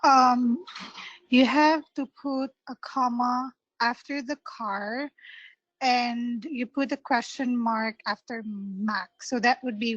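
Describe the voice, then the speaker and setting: A woman's voice: a little high, fairly even intonation, takes it slowly, fairly bright tone, no echo. A woman student on a video call, starting hesitantly and then explaining her answer step by step. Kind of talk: answering in an online class. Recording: muffled lo-fi call audio.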